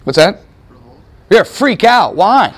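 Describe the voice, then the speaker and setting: A man's voice: high voice, big pitch swings, slow pace, fairly bright tone. A man teaching a class, telling history as a story and putting questions to his students. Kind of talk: classroom lecture.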